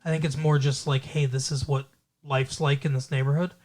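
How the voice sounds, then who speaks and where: A man's voice: mid-range voice, level tone, fairly quick, background noise. A man co-hosting a podcast, casually retelling a movie plot in a loose, profane way. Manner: loose and profane, with frequent fillers and laughs. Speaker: podcast co-host.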